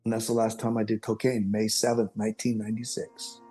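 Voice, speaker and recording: A man's voice: fairly low pitch, a little fast, faint music behind. Rambling middle-aged man telling his story. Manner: rambling, animated, with self-corrections. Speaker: podcast guest. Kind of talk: personal storytelling.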